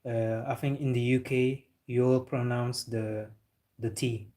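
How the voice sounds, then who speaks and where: Young guy on his livestream, flat-ish voice, chatty, laughs a lot answering chat. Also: medium pitch, measured pace. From Senegal. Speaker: football livestream host.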